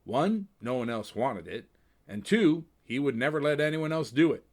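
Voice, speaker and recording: A man narrating a storybook tale with an expressive, animated reading. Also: medium pitch, moderate pace.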